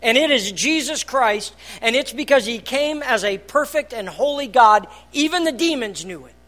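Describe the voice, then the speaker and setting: Earnest preacher swinging from hushed to loud. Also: medium pitch, expressive, normal speed. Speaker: pastor. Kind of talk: sermon. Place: church hall.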